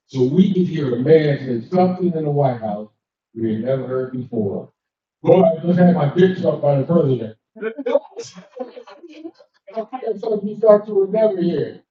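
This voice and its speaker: Profane older stand-up comedian, high voice. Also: male voice, moderate pace. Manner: brash and profane, acting out other people in the story. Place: cigar lounge, live show. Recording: echoey, dull room sound from a distance.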